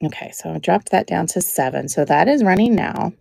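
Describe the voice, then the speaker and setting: A woman hosting a live jewelry auction stream, chatting in a relaxed way as she describes each piece, with many ums. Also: lowish voice, a little fast, vocal fry, no echo.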